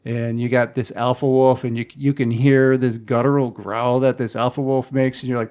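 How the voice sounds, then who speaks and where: A man talking loosely on a podcast, wandering through a film plot with plenty of fillers. His voice sits at an ordinary middle pitch. The chat is casual and unhurried. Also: little pitch movement, a little mellow. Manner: rambling, loose retelling with fillers. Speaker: podcast host.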